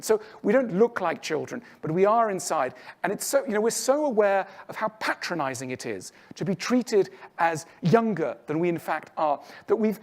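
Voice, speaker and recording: A man's voice: high-pitched, sing-song, a little fast, hardly any pauses. A man giving a lecture to an audience, explaining earnestly and acting out other people's voices. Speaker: public speaker.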